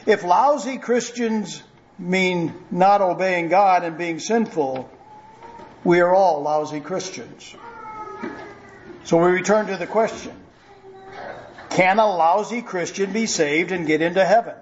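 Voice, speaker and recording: A male pastor preaching a sermon in an earnest, reassuring way, slowing down to repeat key points with emphasis. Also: high-pitched, dull audio, slight background noise.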